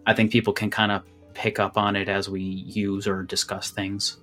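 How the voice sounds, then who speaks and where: A man's voice: on the low side, completely flat delivery, moderate pace, fairly bright tone, faint music behind. A man acting as game master, narrating a tabletop game in tense second person, then explaining rules casually.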